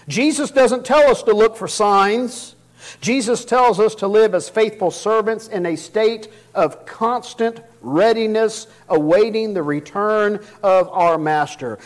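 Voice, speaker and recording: A man's voice: high-pitched, takes it slowly, poor audio. A middle-aged man preaching a sermon, asking rhetorical questions and reading scripture aloud.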